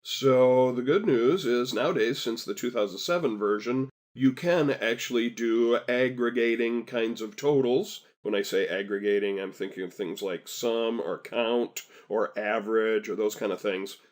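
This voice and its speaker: A man teaching a software tutorial over a screen recording, chatty and encouraging with folksy asides. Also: medium pitch, normal speed, hardly any pauses. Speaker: software instructor.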